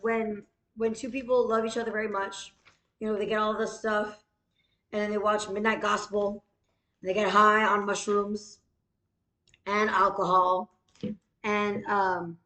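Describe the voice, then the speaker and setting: A woman's voice: mid-range voice, a bit bright, roomy sound. A woman telling a rambling, profane story in a casual way, with many fillers.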